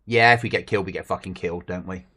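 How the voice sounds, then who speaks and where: A man's voice: low voice, racing, sharp tone, husky. A man chatting casually and swearing while livestreaming a survival game with friends. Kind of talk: casual gaming chat.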